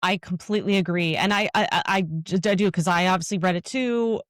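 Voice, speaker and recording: A woman co-hosting a podcast in casual chat, speaking enthusiastically but haltingly with many restarts. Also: on the low side, a bit bright, dry recording, studio quality. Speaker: podcast co-host.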